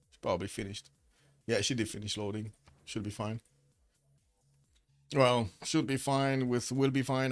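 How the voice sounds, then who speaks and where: A man giving casual solo commentary on a strategy game match, rambling with frequent pauses and restarts, and he has the hiccups. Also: mid-range voice. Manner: rambling, hesitant, many uh fillers and restarts. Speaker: esports caster.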